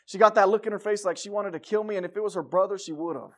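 A middle-aged man preaching a sermon in a church, emphatic and exhorting, with lively stories and asides. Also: high-pitched, racing. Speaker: pastor. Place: church sanctuary.

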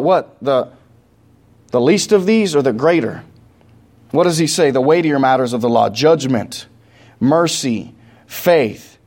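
A man preaching a sermon from scripture, talking through it in a loose, conversational way with restarts, then building to loud, impassioned passages. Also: fairly high pitch. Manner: conversational asides with many restarts.

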